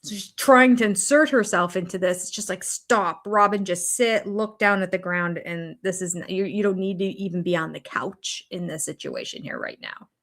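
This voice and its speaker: An older woman talks through a TV episode in casual reaction commentary. She is chatty and opinionated, and often drifts into rambling asides. Her pitch sits in an ordinary middle range. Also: moderate pace, few pauses, a bit bright. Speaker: reaction channel host.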